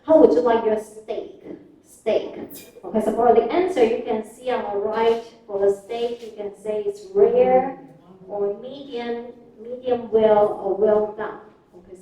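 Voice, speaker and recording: A woman with a Taiwanese Mandarin accent lectures on English phrases, pausing to gloss them in Mandarin. Her voice is mellow and warm. She is recorded from a distance in a very echoey classroom. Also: a little high. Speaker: English teacher.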